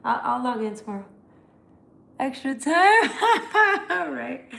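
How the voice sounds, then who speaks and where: A woman's voice: a little high, moderate pace, vocal fry, a bit bright. Tired, candid woman chatting on a livestream. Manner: candid, emotional, chatty, swears casually. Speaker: tarot reader. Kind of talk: casual livestream chat with viewers.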